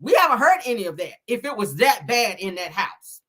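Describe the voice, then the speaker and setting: A woman's voice: mid-range voice, very animated, fairly quick, a bit bright, husky. A woman hosting a celebrity gossip commentary, blunt, profane and sassy as she reads viewer comments.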